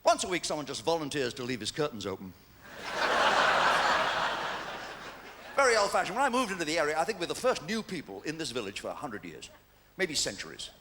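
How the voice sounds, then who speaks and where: Cheeky english guy in his 60s doing stand-up on stage, high bright voice that bounces all over, faint room hum behind. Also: wildly swooping pitch, normal speed, pauses often. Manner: chatty, cheeky, punchline-timed delivery with playful asides. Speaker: stand-up comedian. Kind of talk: live stand-up comedy. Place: large live venue before an audience.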